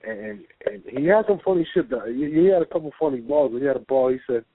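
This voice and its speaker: A man's voice: fairly high pitch, animated, fast, slightly rough, dry recording. A man co-hosting a casual call-in talk show, laid-back and profane, laughing often. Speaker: co-host. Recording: tinny phone line.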